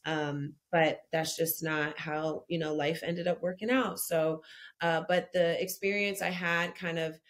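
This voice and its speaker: A woman guest in her thirties, talking casually in an interview and telling stories with lively energy. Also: measured pace. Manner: animated storyteller, lively pitch jumps when telling anecdotes. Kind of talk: conversational interview.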